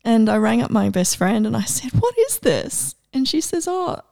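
A middle-aged woman coach giving a casual, enthusiastic inspirational talk, animated and laughing often. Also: fairly high pitch, brisk, creaky, dry recording, clean studio sound.

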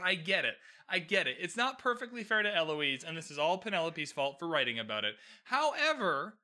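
Brief: a male recapper with a high, bright voice and lively pitch swings, ranting hard with plenty of swearing. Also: brisk, few pauses. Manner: swearing, emphatic, opinionated ranting. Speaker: TV recap host. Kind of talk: casual recap commentary.

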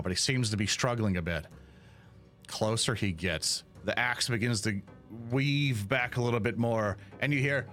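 A man's voice: fairly low pitch, moderate pace, soft background music. Man game master narrating a tabletop scene. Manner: lively scene narration with sound effects.

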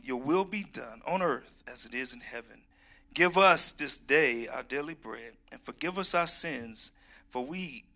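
A middle-aged man preaching a sermon, reading scripture and joking folksily with his congregation. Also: on the high side. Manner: folksy and animated, reads scripture, jokes with the congregation.

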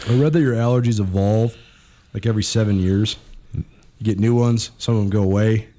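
A man's voice: fairly low pitch, fairly quick, warm tone. A man co-hosting a sports talk show who explains things and sounds stuffed up from allergies.

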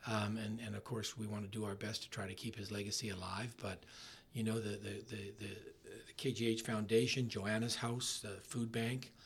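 Husky halting middle-aged man. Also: on the low side, little pitch movement. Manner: halting, many restarts, trails off softly. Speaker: ski resort marketing executive, guest. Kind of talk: casual interview talk.

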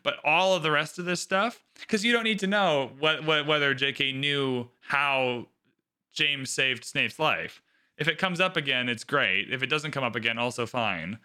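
A young man co-hosting a casual book podcast, talking in an animated, sarcastic way and mimicking characters in jokey voices. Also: mid-range voice, normal speed, smooth. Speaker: podcast co-host.

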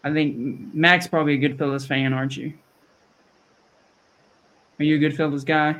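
A man's voice: on the high side, level tone, moderate pace, a bit bright. A man with a Southern US accent hosting a podcast, rambling and chatty, often restarting his sentences. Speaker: podcast host. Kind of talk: casual chat.

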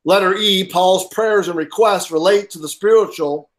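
A man preaching a sermon as pastor, stressing points with pauses for effect, repeating key lines and often filling gaps with "uh". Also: high voice. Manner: halting with frequent uh fillers.

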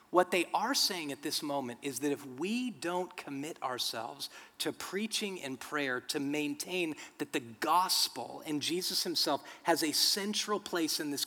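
A male pastor preaching with a fairly high voice that rings out through a large, reverberant church hall. His sermon mixes earnest teaching with humorous stories. He swells into loud, emphatic passages. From United States.

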